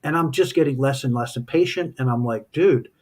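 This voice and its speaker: A man with a mid-range voice talks fairly quickly as a spiritual teacher. His talk is casual and reflective, built on thoughtful personal stories.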